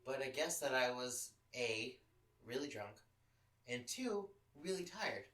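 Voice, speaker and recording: A podcast host tells a personal story in a frank, swear-filled casual style. His voice is bright and forceful. He sits back from the microphone in an echoey room. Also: medium pitch, lively intonation, a little slow, recorded from a distance. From Los Angeles. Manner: profane, candid, emotional storytelling.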